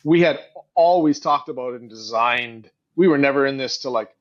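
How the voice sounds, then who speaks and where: A middle-aged man telling stories in a casual podcast interview, animated and quick to act out what others said. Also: medium pitch, highs cut off. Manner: animated storyteller, acts out quoted voices, frequent "like". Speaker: guest, company co-founder and CEO.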